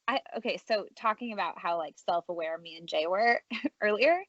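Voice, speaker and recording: A woman co-hosting a podcast, telling a story in animated casual chat and laughing often. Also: medium pitch, moderate pace, highs cut off, a little hiss or hum. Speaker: podcast co-host.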